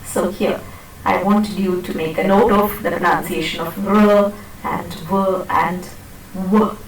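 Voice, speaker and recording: Recorded from afar in an echoey classroom with a noisy background, a female teacher leads a pronunciation lecture, patiently demonstrating and repeating words and making sure students keep up. She speaks slowly in a steady, medium-pitched voice.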